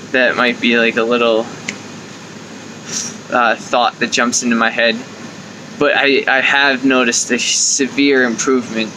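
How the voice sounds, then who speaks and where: A man's voice: mid-range voice, a little hiss or hum, low-quality recording. A young man hosting his own coaching video, talking casually and acting out the thoughts in his head. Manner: conversational, acts out inner thoughts with lively quoted asides. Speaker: life coach and video host. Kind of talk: casual talking-to-camera advice.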